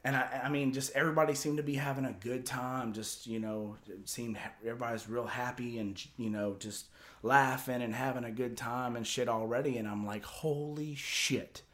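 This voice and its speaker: A man telling a story on a podcast in a loose, rambling way, cursing freely and leaning on "you know." His voice is bright and forceful, at an ordinary middle pitch. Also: steady tone, brisk. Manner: rambling, profane, lots of fillers like "you know". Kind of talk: casual storytelling.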